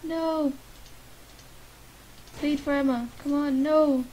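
With a high-pitched voice, slow pace and fairly even intonation, a Lithuanian woman with a matching accent narrates life-sim gameplay for YouTube. She chats to the game characters, shifting between mumbling and loud complaints, with faint game music and slight background noise.

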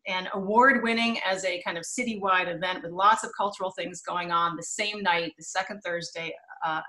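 Bright-voiced woman hosting a video talk. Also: mid-range voice. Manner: friendly, with many fillers. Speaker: museum event host. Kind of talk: virtual lecture introduction. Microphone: video call.

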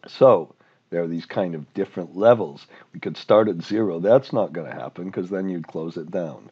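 Brief: casual male lecturer, somewhat low voice, muffled homemade audio. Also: moderate pace, breathy edge. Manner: rambling, self-deprecating. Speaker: finance instructor. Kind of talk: informal recorded lecture.

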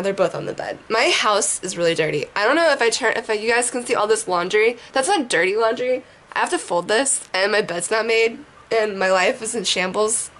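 A young woman talks her way through a makeup routine at home in a loose, rambling way, swearing now and then. Her voice sits a little high but is rough and hoarse from a sinus infection. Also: a bit bright. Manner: rambling, chatty, casual swearing. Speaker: beauty vlogger. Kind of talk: casual makeup tutorial chat. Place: bedroom at home.

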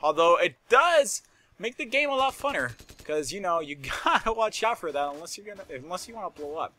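Male gameplay commentator, raised pitch, very forceful bright tone, excitable and rambling, quick to shout and curse. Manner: excitable, shouts and laughs at in-game moments; rambling and chatty with frequent swearing. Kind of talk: live game commentary. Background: game gunfire and explosions.

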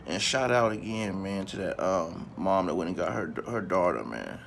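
A man with a fairly low voice delivers a casual, profane rant straight to his viewers. He repeats lines for emphasis and keeps turning to them with questions. A faint noise hangs behind the recording. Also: lively intonation, normal speed, vocal fry, a bit bright. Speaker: vlogger. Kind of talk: casual ranting commentary to camera.

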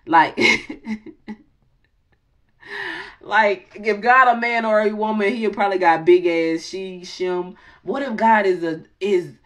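A woman's voice: medium pitch, slow pace. A woman in her late thirties hosts a tarot video in casual, freewheeling talk, swearing, joking and laughing often as she mixes prayer with banter. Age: late 30s. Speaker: tarot reader and channel host.

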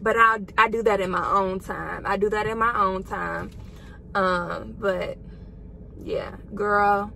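A woman's voice: mid-range voice, slow pace, creaky, bright, forceful tone, slight background noise, low-quality recording. A young woman vlogging from a parked car, giving an emotional, faith-filled pep talk and calling her viewers "y'all" and "girl". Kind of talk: casual encouraging vlog talk.

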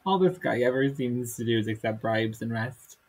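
A man's voice: mid-range voice, normal speed, darkish tone, low-quality recording. A man co-hosting a podcast, reading a comic text aloud and dropping dry, wry asides. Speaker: podcast co-host.

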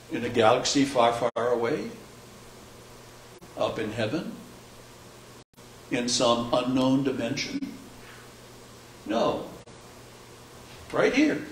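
A man's voice: a little high, a little hiss or hum. A man preaching a conversational sermon as pastor, posing rhetorical questions with dry humor. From United States. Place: church sanctuary. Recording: echoey church heard from a distance.

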